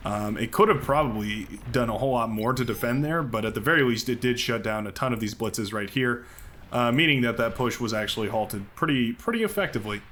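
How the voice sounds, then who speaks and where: A U.S. man handles live commentary on a real-time strategy match, upbeat and chatty with frequent fillers and restarts. His voice sits at medium pitch, brisk and a bit bright, against slight background noise.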